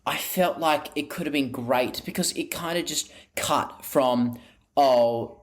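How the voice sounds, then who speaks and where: A podcast co-host with a middle-pitched voice, talking casually about a movie he has just seen. He sounds laid back, swears now and then and trails off into fillers as he thinks. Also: measured pace. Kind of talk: casual movie review chat.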